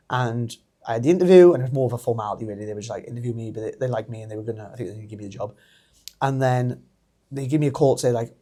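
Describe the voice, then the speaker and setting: A man in his thirties with a Welsh accent, a wrestler telling his story as a podcast guest, animated and laughing often. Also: medium pitch, rapid-fire. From Wales. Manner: animated, laughs often, acts out quoted voices. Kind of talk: casual storytelling interview.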